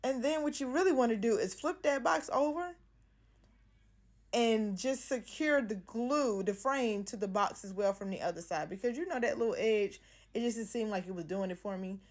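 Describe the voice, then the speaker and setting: A woman's voice: fairly high pitch, moderate pace. A young woman vlogger talking through a craft tutorial in a casual, playful, slangy way.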